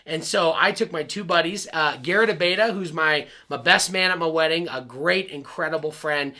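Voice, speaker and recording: Man, pastor, personal story sermon, earnest and confiding, very bright tone, slightly high pitch. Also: moderate pace. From Arizona. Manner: earnest, confiding, addresses listeners directly.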